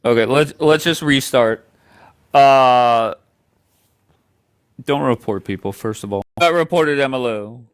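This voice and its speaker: A man hosting a heated livestream debate, talking brusquely to his callers. His voice sounds smooth and resonant, set at a middle pitch. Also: takes it slowly, long pauses. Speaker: livestream host. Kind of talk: moderating a heated live debate.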